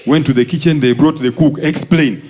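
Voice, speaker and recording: A man's voice: steady tone, fast talker, dark tone, husky. Ugandan man telling stand-up school stories. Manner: acts out quoted voices, jumping high and dropping low. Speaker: stand-up comedian. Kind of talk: stand-up storytelling. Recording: live show with audience laughter.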